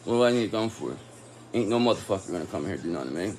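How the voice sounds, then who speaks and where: A man's voice: low-pitched, expressive, racing, a little mellow, soft background music. Angry, cursing man reading tarot. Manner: angry, profane and confrontational. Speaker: tarot reader. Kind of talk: casual tarot reading monologue.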